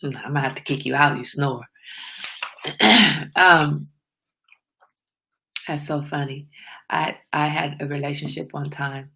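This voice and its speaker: A woman with a low-pitched, gravelly voice hosts a casual morning livestream. She chats loosely, greets viewers by name, and reads their comments aloud. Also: takes it slowly, long pauses, bright, forceful tone. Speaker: livestream host.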